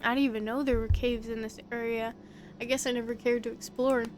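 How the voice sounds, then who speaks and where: Woman reading as easygoing young guy, slangy, gossipy, higher voice. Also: flat delivery, fairly quick, darkish tone, a little hiss or hum, natural voice. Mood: casual. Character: laid-back young man, former classmate. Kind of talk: voice-acting a visual novel.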